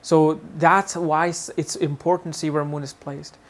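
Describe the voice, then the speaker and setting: A man teaching an astrology lesson in a lively way, often acting out what people say and repeating his words. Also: a little high, moderate pace. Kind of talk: video lesson.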